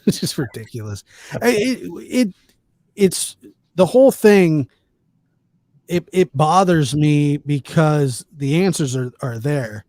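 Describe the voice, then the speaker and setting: A man hosting a podcast, talking in an indignant, halting way with many restarts. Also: a little high, expressive, darkish tone, no echo, studio quality. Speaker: podcast host. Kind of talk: casual chat.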